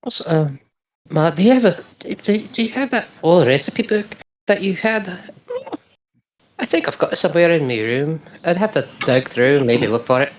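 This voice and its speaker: A woman with a low voice that rises and falls lively as she plays in a tabletop role-playing game. She talks hesitantly, stopping and restarting. The mic sounds a bit dull and lo-fi. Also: moderate pace. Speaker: player. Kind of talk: tabletop role-play chat.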